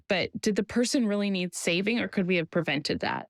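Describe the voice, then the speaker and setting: A woman who works in maternity care, talking in a podcast interview and telling stories in a measured, deliberate way. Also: medium pitch, no room sound. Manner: measured storyteller, slow deliberate phrasing. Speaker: guest, maternity care provider.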